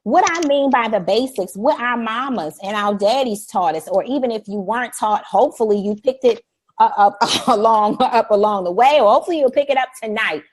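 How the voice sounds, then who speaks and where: A middle-aged woman hosting a live stream, talking in an energetic, preachy way, repeating "y'all" and acting out polite phrases. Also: on the high side, a little fast. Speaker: host. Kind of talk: energetic livestream talk.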